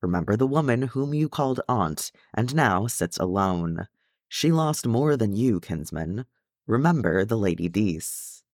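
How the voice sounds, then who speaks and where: A man's voice: fairly low pitch, very animated, unhurried, no echo. Thorin, a man voicing a stern ghostly dwarf king. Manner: gruff, commanding.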